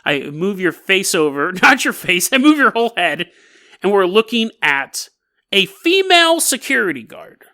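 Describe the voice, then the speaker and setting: A podcast host telling an odd story in a loose, animated way and laughing between lines. His voice sits high for a man and leaps around in pitch. The tone is bright and forward. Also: moderate pace. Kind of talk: casual storytelling.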